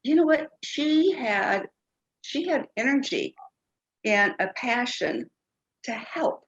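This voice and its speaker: A woman guest telling her story slowly and earnestly, with halting restarts. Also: high voice, animated, slightly rough, muffled recording. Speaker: guest, foundation founder. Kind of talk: interview storytelling.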